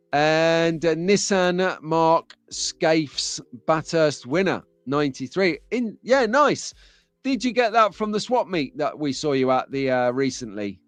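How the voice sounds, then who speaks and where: A man's voice: a little high, no echo. Man, English accent, live stream host, casual banter, laughs a lot, faint music behind. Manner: chatty and jokey, laughs often. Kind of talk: casual live chat reading viewer comments.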